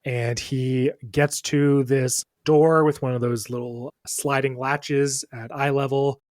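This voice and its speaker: A man narrating as dungeon master, relaxed and conversational, with plenty of "uh" and "like". His voice sits mid-range for a man. The mic sounds close and dry. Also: mid-range voice, takes it slowly, dry recording. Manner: relaxed, conversational, filler-heavy. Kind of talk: narrating a tabletop game.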